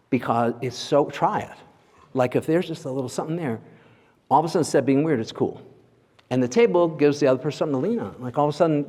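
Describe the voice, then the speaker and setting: A man's voice: mid-range voice, mellow. Chatty man lecturing in a reverberant hall. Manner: chatty and conversational, leans on "like" and "right?" checks with the audience. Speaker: guest lecturer, portrait photographer. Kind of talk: informal lecture to a live audience. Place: large lecture hall at a symposium. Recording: long reverb of a big hall.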